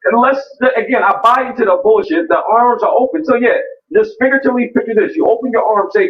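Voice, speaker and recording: Man, profane heated debate, blunt, stammering restarts, high voice, echoey, dull audio. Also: fast, few pauses, recorded from a distance.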